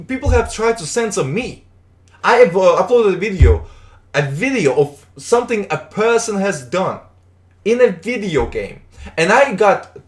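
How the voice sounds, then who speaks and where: A man's voice: high voice, echoey room. A man streaming in a casual, rambling chat, stumbling and repeating words, with the odd swear.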